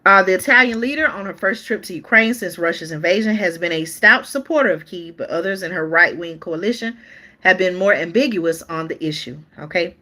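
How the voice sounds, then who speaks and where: A woman's voice: fairly low pitch, lively intonation, a little fast, bright, forceful tone. A woman hosting a live-stream news show, reading articles aloud in a chatty way and talking straight to her viewers, often stopping to restart or look things up.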